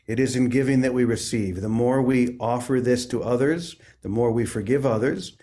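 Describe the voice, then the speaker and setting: A man who is a priest and author, talking gently and reflectively about faith, with many small restarts. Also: mid-range voice, moderate pace. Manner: gentle, searching, with frequent restarts. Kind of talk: reflective spiritual interview.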